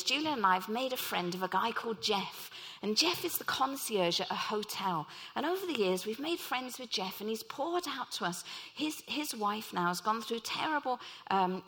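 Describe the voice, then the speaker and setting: A woman's voice: a little high, a bit bright. A middle-aged woman preaching a sermon, earnest and telling personal stories. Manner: earnest, acts out quoted voices.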